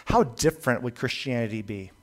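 A man's voice: medium pitch, fairly quick. Emphatic male preacher. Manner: emphatic, repeats key lines for weight, occasional stumbles. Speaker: pastor. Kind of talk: sermon.

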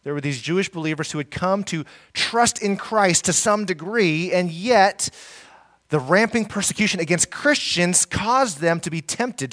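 A man's voice: sits high, expressive, a little slow, a bit bright. A man preaching a sermon as pastor, earnest, with many fillers and restarts.

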